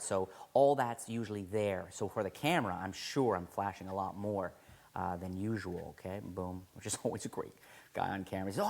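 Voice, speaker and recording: Man, fairly low voice, card magic tutorial, enthusiastic, conversational, self-correcting. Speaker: magician teaching card sleights. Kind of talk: casual video tutorial.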